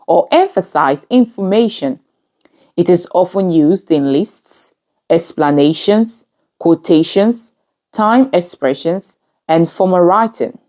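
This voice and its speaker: Slow, lively-voiced woman teaching grammar. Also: lowish voice. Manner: measured, instructive, reads examples aloud. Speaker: English teacher. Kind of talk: scripted grammar lesson narration.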